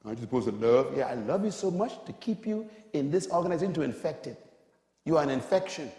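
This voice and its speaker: A man in his fifties preaching a sermon, forceful, with sudden loud emphatic bursts. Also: a little high, expressive, fairly quick. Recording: echoey hall with long reverb.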